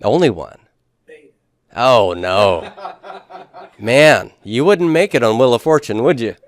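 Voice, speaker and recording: A male Greek teacher speaks slowly in a mid-range voice with lively intonation. His classroom lecture proceeds step by step, with frequent checks of understanding like "right?" and "okay?", and the odd joke or pun for fun.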